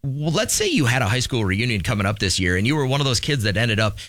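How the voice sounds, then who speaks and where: A man's voice: medium pitch, very animated, fast, fairly bright tone, no room sound. A middle-aged man hosting a radio show, chatting casually and reading promos.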